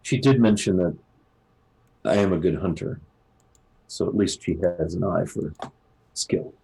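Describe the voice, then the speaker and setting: A man's voice: low voice, a little slow, vocal fry, dark tone, husky, exaggerated voice, rough recording. A man doing a dramatic male hunter storyteller. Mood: wondering. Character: male hunter telling a tale of old.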